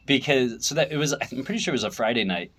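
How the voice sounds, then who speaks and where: Lively man, animated storyteller. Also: mid-range voice, fast talker. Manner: animated storyteller who acts out other people's lines. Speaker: podcast co-host, comedy show host. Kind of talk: casual chat.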